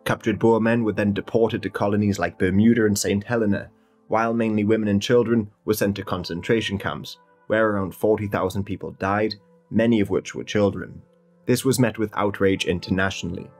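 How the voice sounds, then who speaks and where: Male narrator, lowish voice, measured documentary read with soft music underneath. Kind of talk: scripted history narration.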